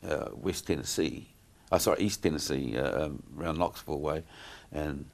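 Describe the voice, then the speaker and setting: A middle-aged man talks in a very low voice. He wanders through his stories, stopping and restarting often with plenty of ums. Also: normal speed, gravelly. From New Zealand. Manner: rambling, many fillers and restarts. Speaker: guest entertainer. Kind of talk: casual interview chat.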